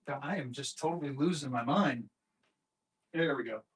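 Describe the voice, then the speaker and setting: Excited man running a live auction. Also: medium pitch, normal speed, husky. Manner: excited, chatty, talks straight to viewers. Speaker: livestream seller. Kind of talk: live auction stream chat.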